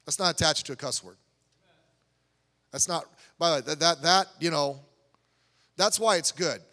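High, bright-voiced preacher in a reverberant church. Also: male voice, normal speed. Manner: conversational preaching with asides and restarts. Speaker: pastor. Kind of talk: sermon. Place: church sanctuary. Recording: long church hall reverb.

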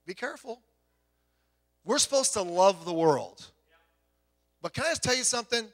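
A bright, high-pitched man in his fifties preaching in a big hall with long reverb. He tells stories with animated voices for the people in them and drops to a hush before rising loud again. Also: normal speed. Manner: animated storytelling, acts out quoted voices, swings from loud to hushed. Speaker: pastor. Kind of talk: sermon.

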